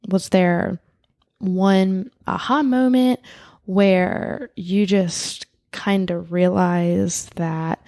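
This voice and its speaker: A woman hosting a podcast poses questions to her guest at a slow, considered pace. Her voice is low and mellow, recorded dry and close. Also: fairly even intonation, no echo. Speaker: podcast host. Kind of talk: interview questions.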